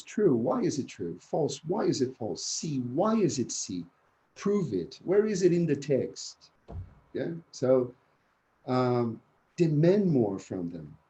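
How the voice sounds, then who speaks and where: A man's voice: a little high, highs cut off. A man training teachers in an online conference talk, speaking energetically and often checking in with "yeah?". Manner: energetic, keeps asking "yeah?". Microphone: video call.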